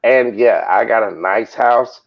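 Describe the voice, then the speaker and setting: A man's voice: fairly low pitch, unhurried, vocal fry, highs cut off. A man on a casual live chat, joking and swearing, with stammering restarts. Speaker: live stream guest.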